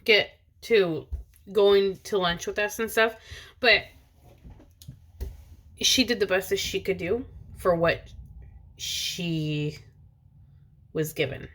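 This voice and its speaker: She's a mother of two in her thirties, filming a casual personal vlog from the driver's seat of her car. Her mid-range voice comes out pushed and bright as she rambles to the camera, often restarting and using plenty of fillers.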